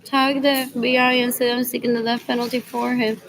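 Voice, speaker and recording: A middle-aged woman rambles through a solo monologue, muttering and circling back to the same phrases again and again. Her voice sits a little high with a gravelly, fry-edged texture, and she drops into Spanish between English lines. A faint hiss of noise runs under her. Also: little pitch movement, fairly quick. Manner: repeats phrases over and over, drifting and muttering. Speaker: vlogger.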